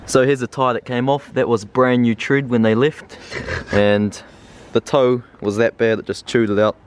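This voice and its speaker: A man's voice: mid-range voice, fairly even intonation, moderate pace, a little hiss or hum. A man bluntly explaining damage on a car. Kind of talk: casual explaining.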